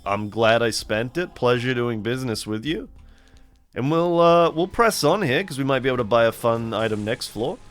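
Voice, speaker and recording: A man's voice: medium pitch, lively intonation, normal speed, dry recording, faint music behind. A middle-aged man hosting a casual let's play, chatting in a rambling, laid-back way while he plays. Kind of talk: casual gameplay commentary.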